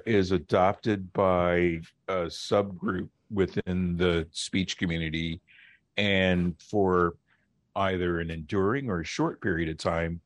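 A middle-aged man, a linguist guest on a radio interview, explaining in a measured, lecturing way and slowing down to stress key words. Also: deep voice, dry recording.

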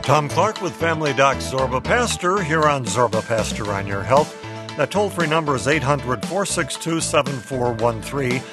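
A man's voice: medium pitch, lively intonation, normal speed, music in the background. A man hosting a public radio health show, upbeat and laughing as he reads listener letters aloud.

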